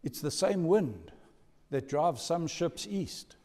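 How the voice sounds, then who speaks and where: Animated preacher, reverberant church. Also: male voice, on the high side, slow pace. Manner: animated, playful, code-switching. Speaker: pastor. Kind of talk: sermon.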